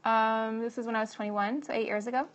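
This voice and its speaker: A woman's voice: on the high side, steady tone, quick pace. A woman in her late twenties giving casual advice to young moms, chatty and laughing often, filling her talk with "like" and "you know". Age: 20s.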